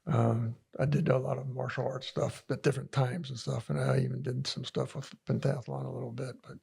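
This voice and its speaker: A man's voice: medium pitch, level tone, brisk, vocal fry, a little mellow, breathy edge. An older man as a podcast guest, telling a long, rambling story in casual conversation, full of restarts and laughs.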